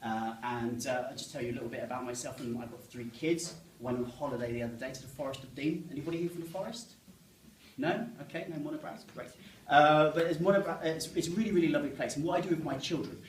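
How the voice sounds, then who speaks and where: A man's voice: fairly high pitch, quick pace, slight background noise. A man, doing chatty, self-mocking stand-up and joking with the audience. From England, Medway Towns in Kent. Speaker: stand-up comedian. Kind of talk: stand-up comedy to a live audience. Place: live comedy room with an audience. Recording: roomy sound, mic at a distance.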